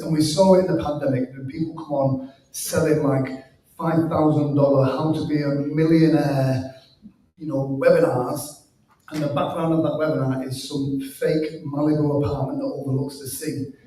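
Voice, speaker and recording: A man's voice: medium pitch, mellow. A man on a live panel, stating strong opinions emphatically. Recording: echoey room heard from far off.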